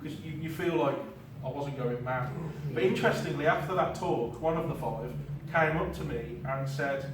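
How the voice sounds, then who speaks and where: Guy rambling through a talk to a crowd, bit high voice, loud echo, sounds far from the mic, noisy. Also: moderate pace, few pauses. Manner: chatty, informal, self-deprecating with filler ums. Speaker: paranormal investigator giving a talk. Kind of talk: live presentation to an audience. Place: hall with an audience. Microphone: clip-on mic heard from a distance. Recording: very echoey hall, distant mic, noisy.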